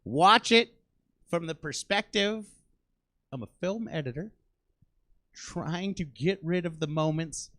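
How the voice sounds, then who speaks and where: A man's voice: fairly high pitch, slow pace, pauses often, sharp tone. A man doing stand-up comedy in a small theater, ranting in an exasperated, self-deprecating way to a live audience.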